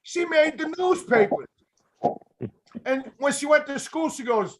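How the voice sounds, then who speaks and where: A man hosting a casual group chat, telling animated stories and acting out quotes. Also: very high-pitched, a little slow, long pauses. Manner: animated storyteller, acts out quotes.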